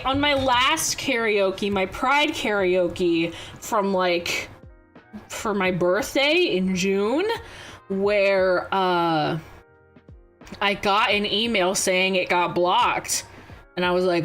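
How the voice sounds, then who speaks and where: A woman's voice: medium pitch, extremely slow, faint music behind. A young woman streamer, chatting casually and rambling through stories with frequent giggles. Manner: giggly, rambling, animated storytelling. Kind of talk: casual chat.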